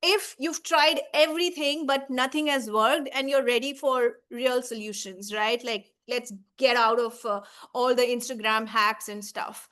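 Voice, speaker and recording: A woman's voice: a little high, fairly even intonation, a little slow, few pauses, a bit bright. A woman in her thirties, a baby sleep coach, giving a heartfelt talk to mothers, earnest and reassuring, often checking in with "right?" and "okay?". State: emotional, tearing up.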